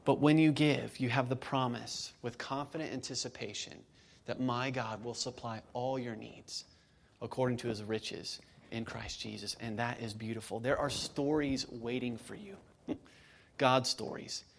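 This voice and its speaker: Man, pastor, thirties, sermon, conversational, emphatic peaks, medium pitch. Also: steady tone, measured pace, vocal fry.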